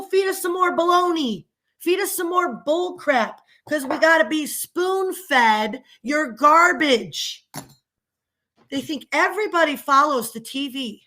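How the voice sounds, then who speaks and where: A middle-aged woman who runs a small business and comments on local matters rants angrily and sarcastically in a vlog. Her voice is high, bright, and forceful, and she sounds indignant throughout.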